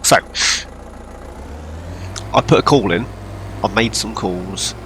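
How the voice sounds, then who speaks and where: A man casually commenting on his farming game, rambling with lots of ums and throat-clearing, hiccuping and coughing now and then. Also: fairly low pitch, takes it slowly, a little hiss or hum. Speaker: farming game role-play channel host.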